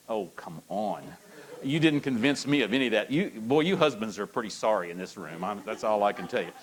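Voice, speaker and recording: A male pastor, preaching a sermon and coaxing his congregation into repeating lines after him, with animated, playful encouragement. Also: mid-range voice, brisk, slight background noise, rough recording. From United States.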